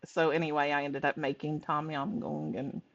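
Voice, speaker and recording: A woman's voice: deep voice, moderate pace, no echo, muffled recording. A woman co-hosting a podcast in casual chat, laughing often as she tells stories. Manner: laughs often, animated storytelling. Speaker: podcast co-host.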